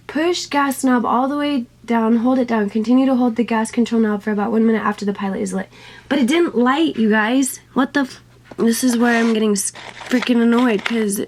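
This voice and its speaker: A young woman vlogging to camera, nervous and swearing as she talks herself through a scary task at home. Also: on the high side. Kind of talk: casual vlog talking to camera. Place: home utility space by a water heater.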